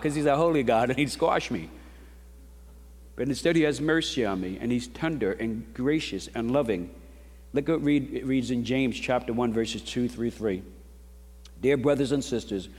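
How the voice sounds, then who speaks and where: A middle-aged man preaching a sermon in a conversational storytelling style, with rhetorical questions to the congregation. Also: mid-range voice. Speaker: pastor. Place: church sanctuary. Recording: long reverb of a large hall.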